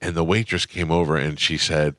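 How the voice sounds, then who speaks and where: A man hosting a morning radio show, telling stories in relaxed, casual banter with frequent filler words. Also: very deep voice, a little fast, dry recording, studio quality. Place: radio studio.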